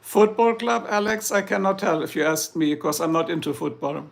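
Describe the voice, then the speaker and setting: A man's voice: high-pitched, moderate pace, creaky. A man with a German accent, a native German speaker, chatting casually on a livestream, joking and rambling as he answers viewers in the chat.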